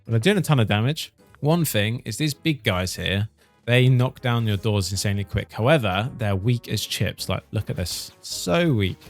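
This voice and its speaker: A man talks through a strategy game in a relaxed, joking commentary. His voice sits a little low with a gravelly edge. He keeps up a cheeky running chatter, teasing and mildly cursing the characters he controls. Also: moderate pace, faint music behind. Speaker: gaming commentator. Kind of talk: casual gameplay commentary.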